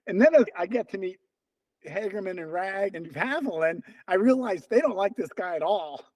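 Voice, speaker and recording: An older man telling long stories as an interview guest, lively and acting out the people he quotes. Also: sits high, normal speed, no echo. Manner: animated storyteller, acts out quoted dialogue. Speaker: interview guest, runner and coach. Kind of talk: casual storytelling.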